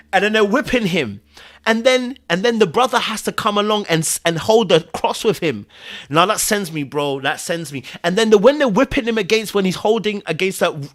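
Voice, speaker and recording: A man hosting a casual podcast stream, his voice pitched a bit high and leaping up and down with feeling. He swings from loud exclamations to hushed, drawn-out murmurs and repeats phrases for emphasis. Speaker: podcast host. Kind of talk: casual live-stream chat with viewers.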